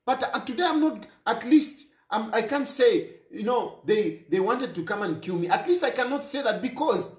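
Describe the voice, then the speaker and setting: A man's voice: extremely high pitch, expressive, moderate pace, few pauses, reverberant. A Zambian man hosting a talk show, speaking in an impassioned political monologue and repeating phrases for emphasis.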